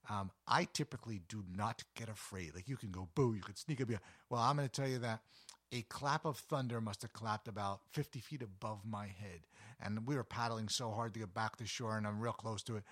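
A man with a somewhat low voice hosts an outdoor adventure show. He chats in a loose, enthusiastic way, wandering from tip to story. The sound is dry and close, with no room around it. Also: fairly bright tone, no room sound. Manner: chatty, rambling, enthusiastic storyteller. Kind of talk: casual outdoor storytelling to camera.

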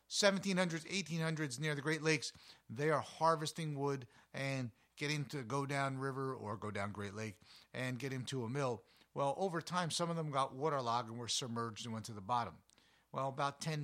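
Jersey guy hosting his show, bright voice, chatty and jokey, lots of ums. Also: mid-range voice. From New Jersey, US. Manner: animated, jokey, fillers and self-corrections. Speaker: show host. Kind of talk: casual storytelling monologue.

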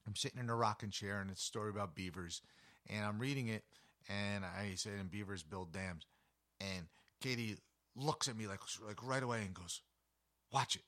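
A man giving an animated, conversational talk about wildlife, full of chatty asides and personal stories. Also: fairly low pitch, moderate pace. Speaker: wildlife educator. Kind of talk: conversational nature talk with anecdotes.

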